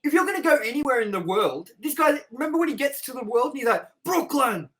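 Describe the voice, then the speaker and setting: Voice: sits high, lively intonation, fast, a bit bright. A movie-review co-host in casual chat, ranting with exasperation and plenty of swearing.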